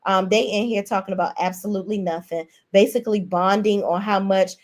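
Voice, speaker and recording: A young adult woman giving a blunt, profane, animated rant as host of a reality TV recap. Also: mid-range voice, brisk. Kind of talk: casual ranting commentary.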